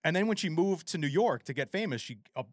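A man co-hosting a podcast in casual chat, animated and rambling, with frequent swearing. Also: a little high, quick pace, dry recording, clean studio sound. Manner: animated, profane, rambling storyteller. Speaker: podcast co-host.

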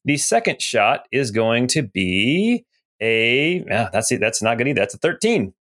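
A man's voice: medium pitch, sing-song, a little slow, a bit bright. A man running a tabletop game, describing scenes and calling turns. He is easygoing and chatty, leaning on fillers as he narrates. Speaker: game master.

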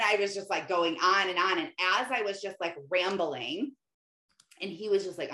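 A middle-aged woman talking casually about faith, rambling and chatty with lots of "like" and quick laughs. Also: lowish voice, bright, forceful tone. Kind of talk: casual faith-based monologue. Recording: roomy echoey room.

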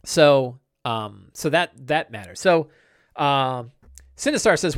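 A middle-aged man hosting a casual live-stream chat, rambling and animated, with many fillers and restarts. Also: medium pitch, slow pace, smooth, no room sound, studio quality. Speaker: podcast host.

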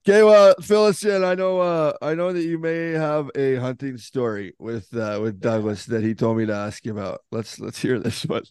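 A man hosts a podcast in an easygoing, joking way. He often laughs and curses offhand. His voice is smooth and the sound is dry and close. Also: mid-range voice, moderate pace, hardly any pauses, darkish tone, no echo. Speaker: podcast host. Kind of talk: casual interview chat.

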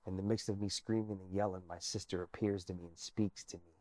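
A man with a low voice recounts his story as an interview guest, earnest and animated, sometimes sinking almost to a whisper. The sound is dry and close, with no room echo. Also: a little fast. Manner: earnest, animated, drops to near-whisper at emotional points. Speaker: guest, army veteran.

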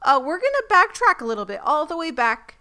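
A woman's voice: high-pitched, sing-song, a little fast, sharp tone. A woman co-hosting a casual recap podcast, talkative and explaining things with lots of asides. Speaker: podcast co-host.

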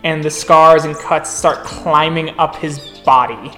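Rpg storyteller narrating, slow and steady, mid pitch, faint music behind. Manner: descriptive, unhurried narration. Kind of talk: narrating a tabletop game.

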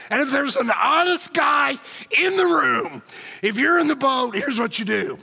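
A male pastor preaches in a church with a high, bright, gravelly voice that rings through a long, echoing hall. He is animated and joking and keeps calling out to the congregation. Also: measured pace. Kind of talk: sermon. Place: church sanctuary.

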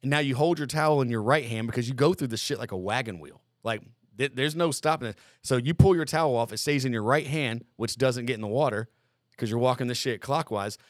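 On a podcast, a former Marine recruit shares boot camp stories in a loose, rambling, profanity-laced style. He talks fairly quickly in a mid-range voice, recorded at studio quality without echo.

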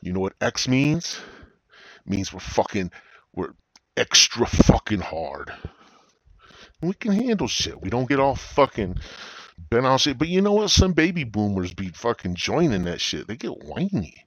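A man's voice: medium pitch, sing-song, measured pace, a bit bright, no echo. A middle-aged man hosting a podcast, ranting in a profane, joking way and slipping into mocking voices. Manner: swears constantly, slips into mocking voices. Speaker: podcast host. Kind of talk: profane comedic rant.

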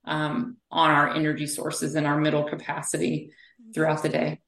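A woman speaking as an interview guest and physical therapist, telling animated stories in conversation. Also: deep voice, moderate pace, creaky, echoey room. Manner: animated storyteller.

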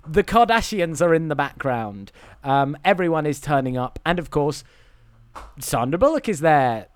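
A podcast co-host casually recaps a film in a fairly high voice with big pitch swings, speaking at a normal speed. He rambles with lots of ums and restarts, and the sound is clean with no room tone.

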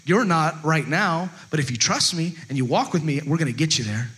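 A man voicing God as a calm, reassuring presence speaking slowly and gently to a believer. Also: a little high, voice pushed down, close to an everyday voice.

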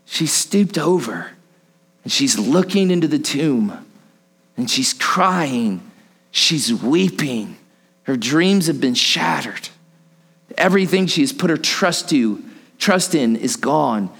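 A man preaching a sermon, repeating phrases, asking the listeners questions and dropping low and soft for emphasis. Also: lively intonation, takes it slowly, gravelly, slightly rough. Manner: asks the listeners rhetorical questions.

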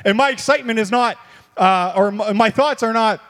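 A male pastor with a high voice delivers an animated, repetitive sermon. His talk swings between quiet musing and excited outbursts. The sound carries the long reverb of a church hall. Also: normal speed.

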